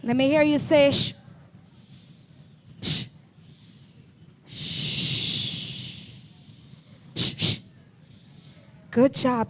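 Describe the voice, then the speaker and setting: High-pitched woman calling out to children. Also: fairly even intonation, drawn-out words, pauses often, a little hiss or hum. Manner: firm, coaxing, call-and-response. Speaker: event host for schoolchildren. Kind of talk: call-and-response crowd management.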